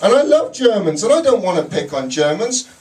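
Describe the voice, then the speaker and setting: Lively high-voiced male stand-up comic. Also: a little fast. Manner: animated, sarcastic storytelling with shouted punchlines. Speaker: stand-up comedian. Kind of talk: stand-up comedy set. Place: comedy club stage before a laughing audience. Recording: distant live club recording, noisy.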